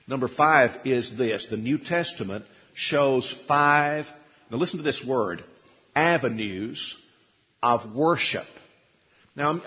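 Emphatic man preaching in a reverberant hall. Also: on the high side. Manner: animated, rising to emphatic peaks, asks the congregation questions. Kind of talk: sermon. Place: church sanctuary.

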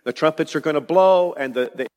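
A man's voice: a little high, brisk, a little mellow, big-room sound, lo-fi sound. A man preaching an expository sermon, emphatic and building to rising declarations.

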